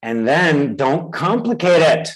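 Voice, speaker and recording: A man leads a webinar with a voice that sits somewhat high. He explains ideas patiently, breaks into high, panicky cries to act out inner voices, and keeps asking whether it makes sense. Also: lively intonation, takes it slowly, poor audio. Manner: checks in often with the audience. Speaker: webinar presenter. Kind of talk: webinar teaching.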